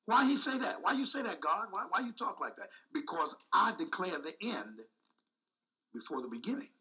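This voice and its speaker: Animated high-voiced man preaching. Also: moderate pace, distant mic, poor audio. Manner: call-and-response preaching, repetitive, emphatic. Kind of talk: sermon.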